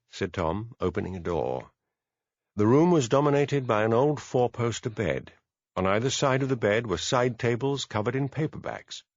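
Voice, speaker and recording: Male audiobook narrator, measured, animated pitch, dry dull studio sound. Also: no room sound. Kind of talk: scripted narration.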